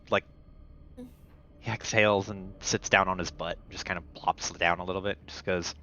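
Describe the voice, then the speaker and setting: A man's voice: low-pitched, level tone, normal speed, pushed and bright, muffled recording. A man narrating a tabletop game as game master, casually and with many fillers.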